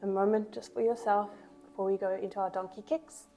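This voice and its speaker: Woman pilates instructor cueing and counting reps while doing the moves herself, slightly winded, mellow tone, faint music underneath. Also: mid-range voice, steady tone, fairly quick. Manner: counts reps and cues breathing while exercising along. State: a little out of breath. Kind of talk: workout class instruction.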